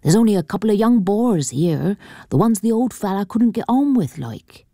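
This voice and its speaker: Woman doing a hushed, cheeky village poacher lad. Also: medium pitch, lively intonation, normal speed, no echo, clean studio sound, pitched above the performer's own voice. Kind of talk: audiobook character voice.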